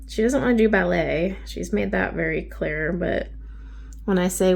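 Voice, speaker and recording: Chatty woman with a gravelly edge. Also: fairly low pitch, a little slow, darkish tone. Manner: chatty, rambling, many fillers. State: recovering from bronchitis. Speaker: craft YouTuber. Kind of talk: casual chat while painting.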